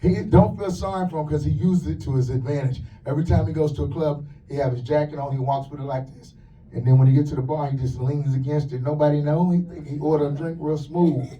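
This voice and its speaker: A man's voice: on the high side, fairly even intonation, mellow, recorded from a distance, highs cut off, slight background noise. Crude man doing stand-up. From lives in the USA. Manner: crude, punchy storytelling with quick asides. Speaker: stand-up comedian. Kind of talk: stand-up comedy set.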